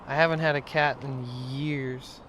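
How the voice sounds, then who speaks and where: A man's voice: mid-range voice, flat delivery, a little slow, a bit bright, slight background noise. A man livestreaming outdoors from his phone, chatting casually with viewers, telling a story and swearing. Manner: rambling storytelling, swears, reads chat aloud. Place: outdoors in a van trip setting.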